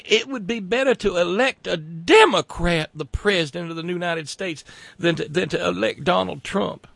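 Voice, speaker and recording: A man voicing a fussy, flustered male senator in shrill, prissy outrage for a satirical rant. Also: moderate pace, creaky, fairly bright tone, no echo, exaggerated voice.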